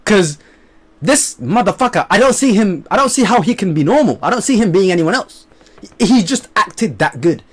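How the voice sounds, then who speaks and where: A young man reviewing a movie to camera in a casual vlog, excited and animated, swinging between loud bursts and low mutters, swearing freely. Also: normal speed, slightly rough.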